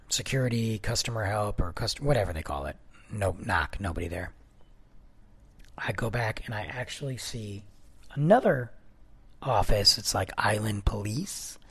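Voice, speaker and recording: Husky, animated man telling a story. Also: on the low side. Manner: animated, swings from excited to hushed. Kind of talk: casual spoken storytelling.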